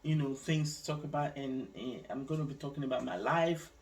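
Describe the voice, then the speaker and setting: A woman tells her own story in a personal vlog. She speaks with deep feeling, stops and starts her sentences, and adds religious asides. Her voice sounds somewhat distant from the microphone. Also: darkish tone. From Nigeria. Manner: emotional, halting, with frequent restarts and religious asides. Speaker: vlogger sharing her life story.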